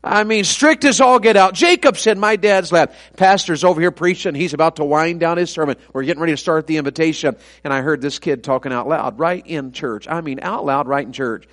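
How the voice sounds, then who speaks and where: A middle-aged evangelist preaches in a homespun, storytelling way. His voice sits somewhat high for a man, and he keeps the mood light with self-deprecating humor about his own family. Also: a little fast, hardly any pauses, a bit bright. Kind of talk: sermon.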